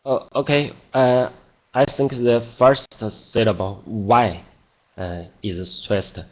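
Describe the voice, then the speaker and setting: A man's voice: medium pitch, steady tone, slow pace, lo-fi sound. A man answering as a student in a language class, hesitant with many fillers.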